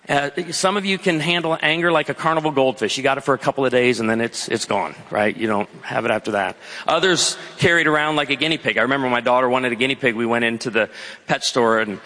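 A pastor delivers a sermon with a bright, forceful, slightly higher voice. He moves between brisk storytelling asides and slow, weighty lines. His voice rings with the long reverb of a large hall. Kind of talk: sermon with personal stories. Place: large hall before an audience.

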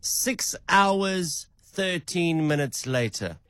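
A man's voice: fairly high pitch, lively intonation, drawn-out words, heavy background noise. A man casually testing an AI phone agent, asking playful questions in a teasing, off-hand, amused way.

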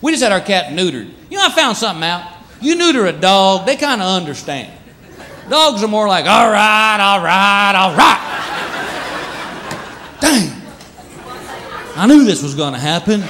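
Animated stand-up comic man on stage. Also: moderate pace, long pauses. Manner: animated, jumps into silly high voices for pets. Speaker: stand-up comedian. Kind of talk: stand-up comedy routine. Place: comedy stage before a laughing audience. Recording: live club with loud crowd laughter and noise.

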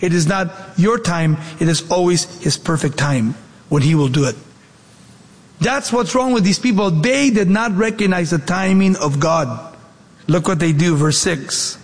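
High-voiced preaching man in a hall. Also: a little slow. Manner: emphatic, rhetorical questions. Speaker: pastor. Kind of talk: sermon.

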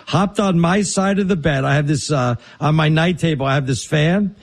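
A man co-hosting a sports talk show, telling his stories in an excitable, animated way. His voice sits a little high for a man. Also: moderate pace. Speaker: co-host. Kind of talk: casual sports radio chat.

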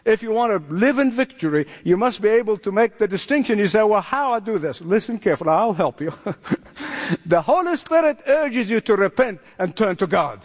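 A man's voice: high voice, animated, fairly quick. A man preaching a sermon, emphatic, acting out voices in quotes. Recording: long hall reverb.

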